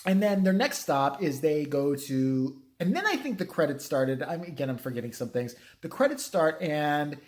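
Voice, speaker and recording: A man's voice: a little high, expressive, normal speed, few pauses. A man giving a casual, rambling movie review, swearing freely and acting out characters' lines. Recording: echoey room.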